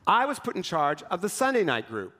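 A male pastor preaching a sermon in a conversational, wry storytelling manner with quick acted asides. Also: high voice, big pitch swings, sharp tone.

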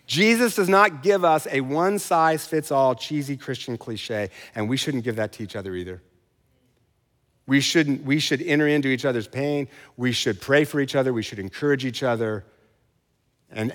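A middle-aged male pastor delivering a sermon in a lively, playful way, with quick asides and mock voices. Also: medium pitch, big-room sound.

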